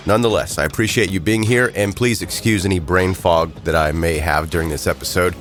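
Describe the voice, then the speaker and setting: A man's voice: deep voice, a little fast, a bit bright, soft background music. A man hosting a true crime podcast, narrating a scripted story with wry, joking asides while he has a head cold. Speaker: podcast host.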